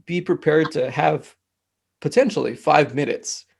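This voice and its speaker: A man speaking as a mental health technician guest in a relaxed interview, telling stories with lots of fillers. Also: a little high, a little slow, creaky, breathy edge. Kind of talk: casual conversational interview.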